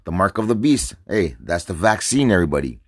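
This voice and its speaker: A man's voice: deep voice, big pitch swings, fairly quick. A man from North America ranting to his viewers, agitated and profane, rambling and repeating himself while drinking and smoking. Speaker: vlogger. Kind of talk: stream-of-consciousness rant to camera.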